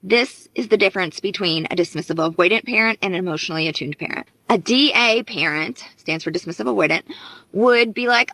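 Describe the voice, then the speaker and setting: A woman's voice: on the low side, fairly quick, fairly bright tone, no room sound, poor audio. A woman relationship coach giving earnest, explanatory advice straight to camera. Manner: earnest, explanatory, acts out parents' voices. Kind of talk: direct-to-camera advice video.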